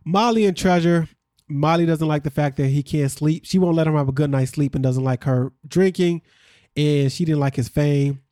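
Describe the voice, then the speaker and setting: Mellow-voiced man recapping with gusto. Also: on the high side, normal speed, no room sound, studio quality. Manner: animated storytelling, acting out what people said. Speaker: podcast host recapping a reality show. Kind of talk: casual chat.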